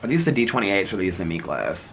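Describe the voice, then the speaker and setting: Chatty middle-aged man, bright lively voice. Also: sits low, fast, a little hiss or hum. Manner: chatty, rambling, laughs often. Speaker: vlogger. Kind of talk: casual chat.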